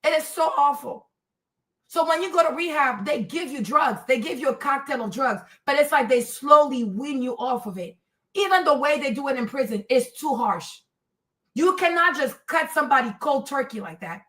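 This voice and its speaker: A woman in her thirties hosting a livestream, ranting at her chat in a combative, profane, mocking way with loud, emphatic repetition. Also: high voice, expressive, normal speed. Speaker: livestream host.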